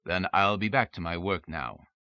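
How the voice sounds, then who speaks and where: A terse, commanding master of the house, read by a man in his own voice, formal and clipped. The voice is low and forceful, with a hard edge. The recording is muffled and dry, a lo-fi audiobook. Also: normal speed, no echo.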